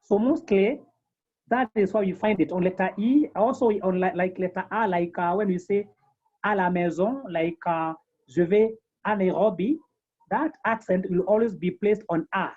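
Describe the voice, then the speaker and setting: A woman teaching a beginners' French class over a video call, slowly repeating each term several times. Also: mid-range voice, a little mellow, breathy edge, dull audio. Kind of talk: online language lesson.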